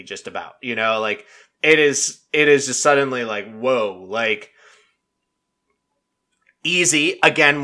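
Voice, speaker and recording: A reality TV recap vlogger with a mid-range, sharp-toned voice chats casually about a show. He rambles along, stuffing his talk with fillers and cursing freely.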